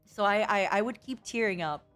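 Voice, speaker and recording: A woman's voice: mid-range voice, brisk, a bit bright. A young woman streaming a casual chat, dramatic and emotional, laughing often, with faint music behind.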